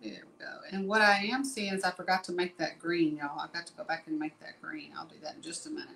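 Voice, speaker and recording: A woman's voice: sits low, little pitch movement, quick pace, vocal fry, a bit bright, rough recording. Chatty woman teaching painting. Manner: chatty, rambling, folksy asides. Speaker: painting instructor. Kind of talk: casual live painting tutorial.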